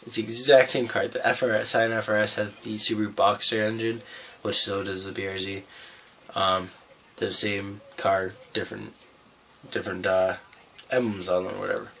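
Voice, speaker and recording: A man's voice: lowish voice, level tone, moderate pace, gravelly, pushed and bright, a little hiss or hum. A young man from Canada vlogging, telling a rambling, profane story in a laid-back way. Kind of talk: casual storytelling vlog.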